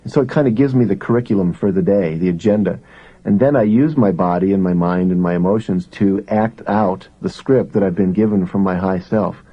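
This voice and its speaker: Low-pitched and fairly quick, a man leads a live self-help session before a crowd, keeping it conversational and quizzing the listeners. High frequencies are missing from the recording.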